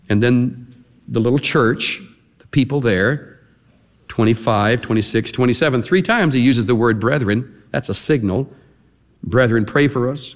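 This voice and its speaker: A male preacher gives a sermon, his voice swinging widely in pitch as he stresses word after word. His pitch sits mid-range for a man. The sound carries the long reverb of a large hall. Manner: animated, emphatic, leans on single words.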